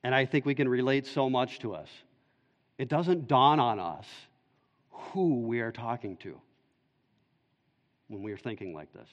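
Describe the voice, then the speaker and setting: A man's voice: medium pitch, lively intonation, unhurried, long pauses. A male pastor preaching an expository sermon in an earnest, explaining way. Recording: dull echoey church hall recording.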